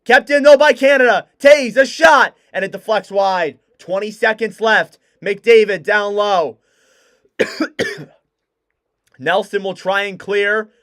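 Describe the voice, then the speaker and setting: A young man calls a hockey game live for his stream, his voice going hoarse and worn. He speaks a touch high for a man and gets excitable, stopping now and then to cough. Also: measured pace, few pauses, no room sound, clean studio sound. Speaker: livestream hockey commentator. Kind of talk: live play-by-play commentary.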